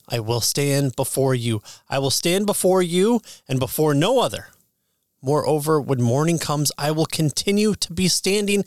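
A man reading an ancient sermon aloud in a measured way, slowing down to stress key phrases. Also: a little high, no room sound, clean studio sound. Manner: measured, with slow emphatic phrases. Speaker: sermon reader.

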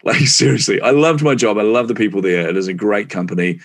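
New Zealand man in his forties, low voice, chatty interview guest who laughs easily. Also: a little fast. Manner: chatty, animated, laughs often. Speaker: guest, marketing executive. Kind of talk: casual storytelling interview.

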